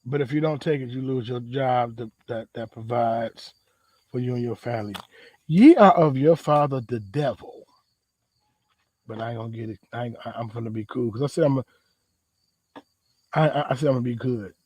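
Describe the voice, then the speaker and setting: A man's voice: mid-range voice, fairly even intonation, brisk, mellow, no room sound. A man hosting a podcast, giving a loose, conversational faith talk outdoors in a backyard, full of slang and repeated phrases. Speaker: podcast host.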